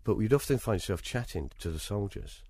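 A British man with a deep, low voice tells travel stories with lively relish, slipping into the voices of people he met. His tone is a little husky, and the recording is dry and close, with no room sound. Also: fairly quick, no room sound. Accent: British English. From Britain. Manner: lively raconteur, acts out other people's lines. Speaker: interview guest, travelling performer. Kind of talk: conversational anecdotal storytelling.

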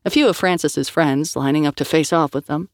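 A woman narrating a novel in a measured storytelling manner, as an audiobook reader. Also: sits low, no echo, studio quality.

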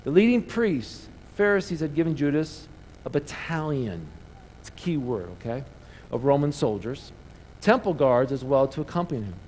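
A man preaching a sermon in church, animated, calling the congregation to answer back. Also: a little high, moderate pace, a little hiss or hum, rough recording. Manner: animated preaching with call-and-response. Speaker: pastor. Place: church sanctuary.

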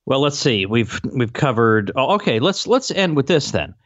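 A male podcast host in loose political chat. He rants with mocking exasperation, his pitch leaping up and down. The sound is dull and a little lo-fi, with a dry, close feel. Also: sing-song, normal speed, fairly bright tone, no room sound.

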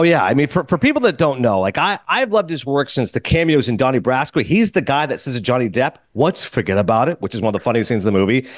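A man hosting a podcast, telling a story in casual chat, excitable and acting out the people he quotes. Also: on the high side, no room sound, studio quality. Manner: rapid, excitable, acts out quotes. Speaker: podcast host.

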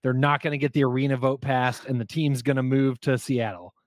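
A man co-hosting a casual sports podcast, speaking confidently and mimicking pundits with jumps in pitch. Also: steady tone, brisk, no room sound, clean studio sound. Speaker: podcast co-host.

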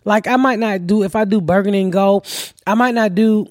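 A woman's voice: medium pitch, fairly quick, darkish tone, dry recording, studio quality. A middle-aged woman from the American South with a Southern accent, a brash, profane comedic podcast host who sounds congested. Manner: brash, profane, laughing storyteller. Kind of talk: casual comedic chat.

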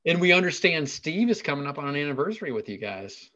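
A man's voice: on the high side, very animated, fast talker, bright, forceful tone, highs cut off. A man co-hosting a casual podcast interview, joking around and laughing often as he asks playful questions. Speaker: podcast co-host.

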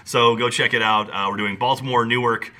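A man co-hosting a casual podcast, telling stories and plugging tour dates in an animated way. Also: mid-range voice, a little fast. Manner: animated, joking storyteller. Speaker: podcast co-host. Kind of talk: casual chat.

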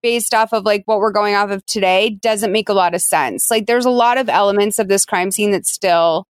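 A woman hosting a podcast in casual chat, talking in a chatty, animated way with lots of fillers. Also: medium pitch, normal speed, clear, resonant tone, no echo. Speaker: podcast host.

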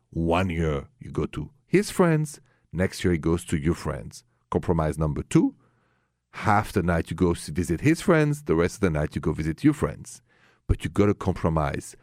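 A man hosting a radio advice show, speaking in an upbeat, emphatic and animated way. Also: sits low, dry recording, clean studio sound.

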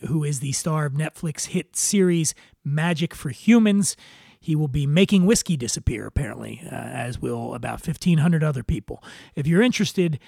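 Gravelly, wry male podcast host. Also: a little high, darkish tone, no room sound, clean studio sound. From Philadelphia. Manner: wry, joking asides with filler words. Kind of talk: podcast monologue with housekeeping and scripted narration.

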